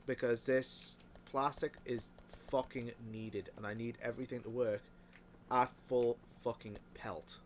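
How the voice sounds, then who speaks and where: A man's voice: mid-range voice, fairly even intonation, a little slow, slight background noise. A man giving casual, muttered commentary while he plays a factory-building game, swearing often. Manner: muttering to himself, frequent swearing. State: hiccups. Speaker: let's play host.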